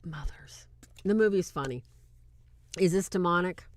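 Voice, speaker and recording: A woman hosting a religious film review, talking casually to her viewers and swinging between loud and hushed. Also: fairly low pitch, measured pace. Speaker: host reviewing a film on demonology. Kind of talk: casual faith-based commentary.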